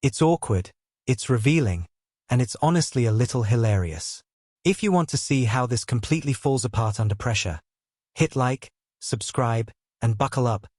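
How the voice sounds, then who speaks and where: A man's voice: medium pitch, expressive, moderate pace, a little mellow, no echo, studio quality. A man delivering scripted online commentary in a punchy, sarcastic way.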